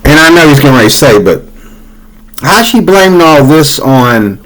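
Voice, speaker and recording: A man's voice: on the high side, very animated, normal speed, fairly bright tone, low-quality recording. Heated man reacting to clips. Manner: heated, repetitive, conversational with fillers. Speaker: commentary channel host.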